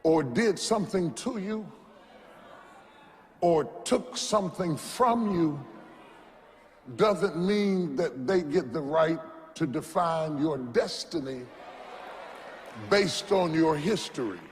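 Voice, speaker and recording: A man preaching a sermon, slow and deliberate, who builds up to shouting and has the congregation repeat after him. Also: a little high, expressive, a little hiss or hum. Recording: long reverb in a large hall.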